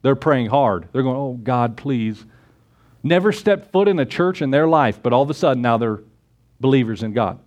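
A man preaching a sermon with scripture quotes and rhetorical questions, swinging between loud emphatic exclamations and low conversational asides. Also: lively intonation, a little fast, highs cut off. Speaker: pastor.

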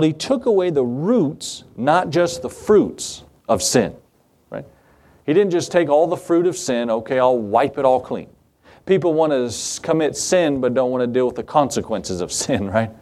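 A man's voice: medium pitch, darkish tone. A man preaching a sermon, reading King James scripture and asking the congregation rhetorical questions in a conversational way. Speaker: pastor.

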